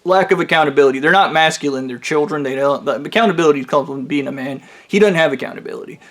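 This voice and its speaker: A man's voice: fairly high pitch, fast talker, fairly bright tone. A man telling a rambling, crude, mocking story from his own life in a casual monologue.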